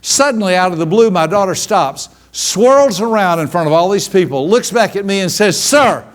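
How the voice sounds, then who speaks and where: A middle-aged man, a business coach, telling funny family stories at a seminar and acting them out with lively energy. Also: high-pitched, normal speed. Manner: animated storyteller who acts out his stories. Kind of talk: humorous seminar talk with personal stories.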